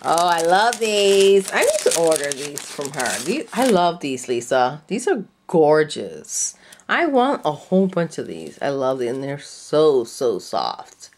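Gushing woman with a lively, swooping voice. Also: low voice, unhurried, slight background noise. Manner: gushing, breathy gasps and delighted exclamations. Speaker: craft vlogger. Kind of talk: casual unboxing chat.

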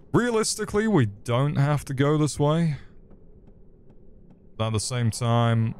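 A man's voice: fairly low pitch, darkish tone, clean tone. A young man giving crude, joking commentary while playing a game and talking to the enemies. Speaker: streamer. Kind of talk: gameplay commentary.

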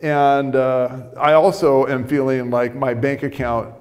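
A man's voice: medium pitch, little pitch movement, unhurried, long reverb tail. A man preaching a sermon, telling a story conversationally with frequent restarts.

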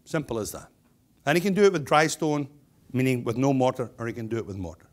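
A man's voice: medium pitch, animated, quick pace. A middle-aged man, a stonemason and business owner, giving a keynote speech full of humorous anecdotes and chatty restarts.

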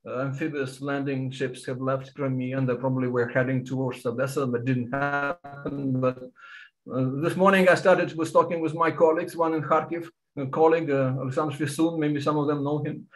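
A man, speaking on an academic panel in an earnest, halting way with many restarts, visibly moved. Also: mid-range voice, little pitch movement, faint music behind, low-quality recording. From Ukraine.

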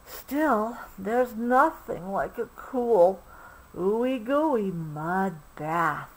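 A woman putting on an excitable little rhino boy from a picture book, his voice hopping high and lively, squeaky with eagerness as he hunts around. She reads him aloud slowly, at a leisurely pace. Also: slightly rough, full character voice, rough recording. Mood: eager. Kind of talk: storybook read-aloud.

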